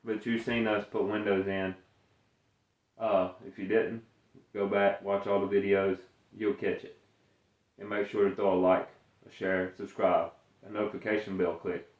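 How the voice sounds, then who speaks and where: A man's voice: on the low side, flat delivery, moderate pace, pauses often, highs cut off. A man with a Southern US accent, chatting casually and jokingly as a DIY vlogger. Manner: playful, jokey, mimics animal calls. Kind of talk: casual vlog chat. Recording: echoey and distant from the mic.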